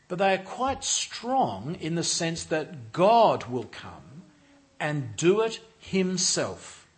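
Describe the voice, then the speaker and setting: A man leading a church, giving an expository Bible sermon in a measured, deliberate way and stressing key words. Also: on the high side. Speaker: church leader.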